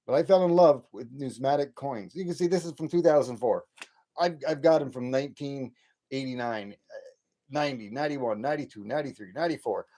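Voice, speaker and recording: A man's voice: medium pitch, fairly quick, warm tone. A man in his late fifties hosting a late-night livestream, ranting and rambling with many repeats and restarts. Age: 50s. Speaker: livestream host.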